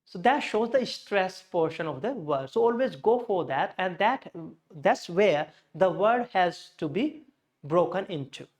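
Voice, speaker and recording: A man's voice: high voice, expressive, measured pace, a little mellow. A man giving a spoken lesson as an English pronunciation teacher, explaining things methodically, step by step.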